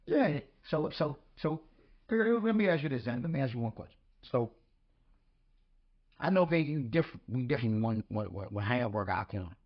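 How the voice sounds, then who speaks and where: A man telling animated anecdotes in casual talk. He acts out the quoted lines and laughs as he goes. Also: mid-range voice, normal speed. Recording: slightly dull lo-fi podcast audio.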